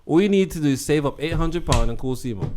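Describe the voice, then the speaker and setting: A man's voice: fairly high pitch, expressive, fast talker, noisy background. A man who is a DJ, a guest on a podcast, making emphatic points in slang-filled casual chat.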